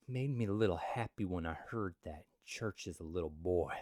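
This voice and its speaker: A young man hosting a comedic Bible commentary, joking with loud asides and quiet mutters. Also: deep voice, lively intonation, brisk, hardly any pauses, dry recording, clean studio sound. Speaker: Christian video host.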